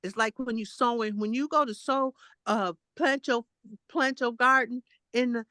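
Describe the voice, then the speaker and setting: A woman's voice: on the high side, fairly even intonation, moderate pace, sharp tone, dry recording. A woman in her late sixties giving a casual spiritual testimony, blunt and emphatic, repeating herself and fussing at her listeners. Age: 60s. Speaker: guest spiritual teacher.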